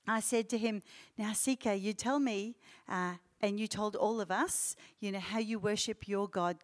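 A woman telling a church congregation an animated story from a mission trip, acting out the people she quotes. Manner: acts out quoted voices with rising pitch. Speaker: church speaker reporting on a youth mission trip.

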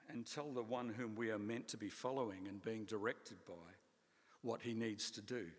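A man preaching a sermon in a conversational, animated way, with playful asides. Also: mid-range voice, long reverb tail. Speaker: pastor.

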